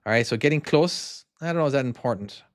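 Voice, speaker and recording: A man from Ireland with a softened Cork accent talks casually over a driving game, rambling through explanations and restarting his sentences. His voice sits at a middle pitch for a man. The close microphone gives a dry sound with no room around it. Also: lively intonation, quick pace, dry recording. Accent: Cork Irish. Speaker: game streamer and former truck driver. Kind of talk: casual live-stream commentary reading chat.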